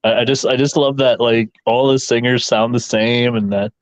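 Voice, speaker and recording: A man's voice: mid-range voice, fairly even intonation, normal speed, no room sound. A man chatting casually as a podcast co-host, laid-back, laughing often and swearing. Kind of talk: casual chat.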